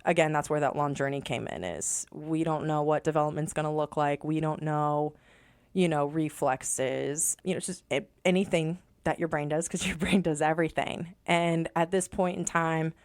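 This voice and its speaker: A young woman guest in a studio, recounting a hard personal story in an animated way and slipping into the voices of the people she quotes. Her voice sits fairly low for a woman, and the sound is close and dry with no room echo. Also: normal speed, smooth. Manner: animated, acts out remembered dialogue. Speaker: podcast guest.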